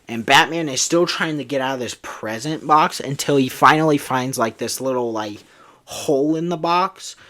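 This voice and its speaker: A man's voice: mid-range voice, fairly bright tone. Rambling man telling a story. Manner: rambling, full of fillers like "like" and "um". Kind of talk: casual retelling of a made-up movie plot.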